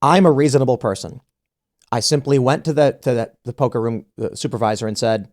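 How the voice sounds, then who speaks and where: A man's voice: medium pitch, fairly quick, a little mellow. A man hosting a podcast, telling a story in casual conversation and acting out the quoted exchanges, often restarting his sentences. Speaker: podcast host.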